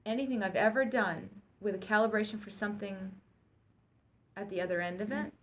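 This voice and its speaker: A woman's voice: medium pitch, brisk, a little hiss or hum. A woman co-hosting a talk show, speaking in a reflective, earnest way about living in the present. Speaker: co-host. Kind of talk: reflective conversational chat.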